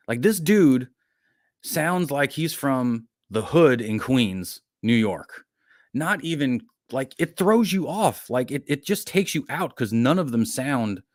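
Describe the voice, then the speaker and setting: A man with a fairly low voice hosts a casual podcast movie review. He rambles and trips over his own words, throwing out blunt opinions. The sound is dry and close, with no room echo. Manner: rambling, opinionated, many restarts and fillers. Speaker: podcast host.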